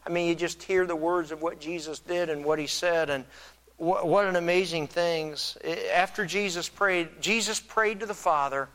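An earnest male pastor delivers a sermon with a slightly higher-than-usual voice. He muses aloud and often restarts his words. He swells louder whenever he wants to stress a point. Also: steady tone, moderate pace, clear, resonant tone, poor audio.

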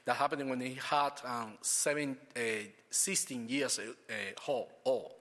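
A man's voice: mid-range voice, a bit bright, long reverb tail. Man giving church testimony. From Cuba. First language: Spanish. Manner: halting non-native English with frequent restarts.

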